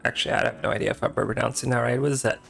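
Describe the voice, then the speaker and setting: A man's voice: medium pitch, steady tone, rapid-fire, creaky, a bit bright, faint music behind. A man casually talking through a game on a live stream, rambling, unsure and poking fun at himself. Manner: casual, rambling and self-mocking, often unsure. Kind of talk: live-stream gameplay commentary.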